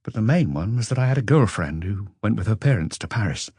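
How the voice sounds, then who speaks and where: An exhausted forty-year-old man answers an interrogation hesitantly but earnestly, as a man reads him in an audiobook. The voice is low, and the recording is close and dry. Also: animated, quick pace, darkish tone, slightly rough, no echo. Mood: weary. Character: weary, sleepless forty-year-old man under questioning.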